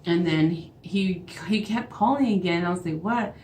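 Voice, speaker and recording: Young Navajo woman, storytime vlogger, low voice, animated retelling in a roomy space. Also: moderate pace. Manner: animated retelling, acts out both sides of calls. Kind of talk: storytime vlog. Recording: echoey room with faint background noise.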